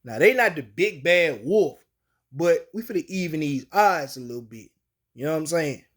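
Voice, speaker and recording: Man, slangy colloquial storyteller, fairly high-pitched. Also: expressive, moderate pace, a bit bright. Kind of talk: casual spoken storytelling.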